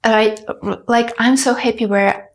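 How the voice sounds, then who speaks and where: Chatty, animated young woman vlogger. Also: a little high, a little slow. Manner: chatty and animated, with fillers and light laughs. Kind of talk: casual talk to camera.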